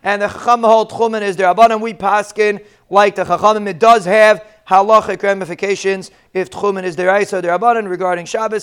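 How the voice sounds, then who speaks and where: A man's voice: high voice, clear, resonant tone. A man giving a daily Talmud lesson, explaining step by step and repeating key lines. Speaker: Talmud teacher.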